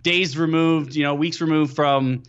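A man as a guest on a sports podcast, telling stories in an animated, excitable way with lots of fillers. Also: on the high side, measured pace, smooth, lo-fi sound. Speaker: podcast guest, team analyst. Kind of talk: casual sports podcast chat.

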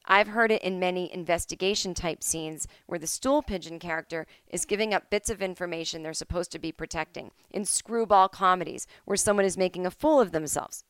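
A middle-aged woman hosting her own podcast from home, chatting casually with animated, sarcastic asides. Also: lowish voice, smooth, no room sound. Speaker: podcast host. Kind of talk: solo casual chat.

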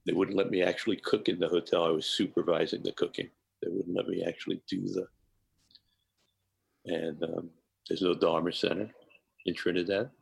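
A man, a chef, telling a personal anecdote in an interview, animated and laughing often. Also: low-pitched, normal speed, creaky, husky, no room sound, poor audio. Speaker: guest chef.

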